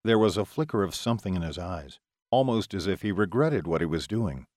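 A man with a fairly low voice reads a story aloud with lots of rise and fall. His delivery is dramatic and expressive. The recording is dry and close, with no room sound. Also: a little fast, dry recording. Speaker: audiobook narrator. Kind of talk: scripted narration.

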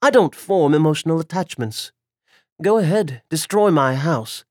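A man's voice: a little high, expressive, normal speed, darkish tone, no room sound, clean studio sound, voice pushed up. A man voicing a cold, defiant female vampire, centuries old, with a taunting, mocking manner.

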